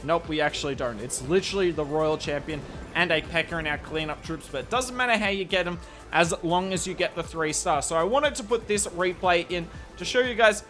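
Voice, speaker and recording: A man's voice: on the high side, fairly quick, a bit bright, faint music behind. A young man with an Australian accent commentating a game replay in a chatty, candid way with self-deprecating asides. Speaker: strategy video commentator.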